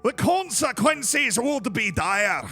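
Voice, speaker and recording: A man doing a booming Scottish envoy, high and bright. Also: big pitch swings, slow, soft background music, exaggerated voice. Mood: solemn, grandiose. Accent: put-on Scottish. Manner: pompous, ceremonial reading. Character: grand, formal male envoy with a Scottish accent. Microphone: headset.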